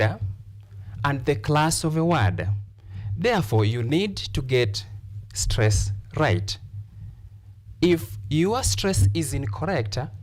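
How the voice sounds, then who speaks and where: A man from Kenya, teaching a televised classroom lesson. He explains deliberately, repeats his examples and pauses on "uh" fillers. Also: fairly high pitch.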